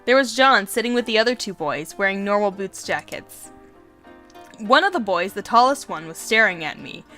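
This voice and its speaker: A woman's voice: mid-range voice, sharp tone. A young woman hosting a let's play, reading a visual novel aloud with giggly, chatty asides.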